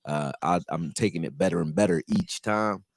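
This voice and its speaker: A man hosting a live stream, chatting loosely with slang and getting loud and heated when reacting to plays. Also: low-pitched, normal speed, gravelly, dry recording, studio quality. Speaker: livestream host reacting to a football game. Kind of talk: casual live commentary chat.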